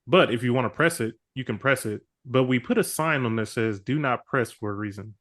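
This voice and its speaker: A man's voice: mid-range voice, brisk, fairly bright tone, natural voice. A man voicing a mocking male villain who taunts over an intercom during a tabletop game, in close to his own voice. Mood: taunting. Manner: mocking, teasing.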